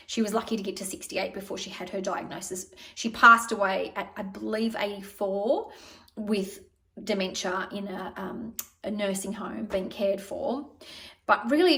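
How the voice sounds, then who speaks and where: A woman's voice: medium pitch, recorded from a distance. A middle-aged woman vlogging in casual, digressive chat, telling stories. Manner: chatty, digressive, warm storytelling. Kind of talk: casual rambling chat to camera.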